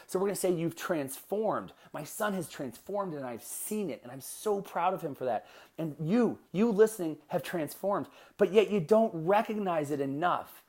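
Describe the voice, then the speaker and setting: A man's voice: on the high side, darkish tone. An earnest man in his thirties hosts a motivational podcast. He shares a personal story and builds toward emphatic encouragement for his listeners. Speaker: podcast host.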